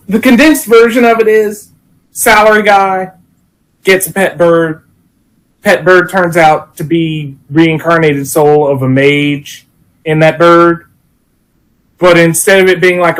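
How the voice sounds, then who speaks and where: Higher-voiced enthusiastic podcast man. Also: poor audio. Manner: enthusiastic, summarizing, casual swearing. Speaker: podcast co-host. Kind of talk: casual chat.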